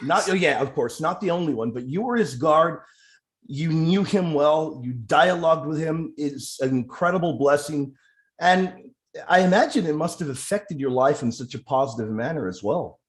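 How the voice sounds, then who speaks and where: A man's voice: fairly high pitch, normal speed. A man hosting a casual live interview, effusive and heavy with praise for his guest. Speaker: interview host.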